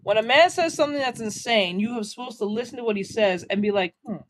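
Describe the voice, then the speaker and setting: A man's voice: very high voice, quick pace, fairly bright tone, slight background noise. A man giving blunt, crude reaction commentary on a clip, often laughing at his own jokes.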